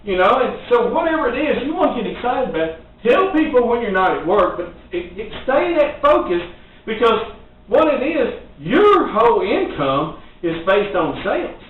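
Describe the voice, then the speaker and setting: Man, high voice, folksy, rambling, distant, echoey, tinny audio. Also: very animated, normal speed. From Western Kentucky. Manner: folksy and rambling, laughing often. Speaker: sales trainer. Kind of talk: motivational talk.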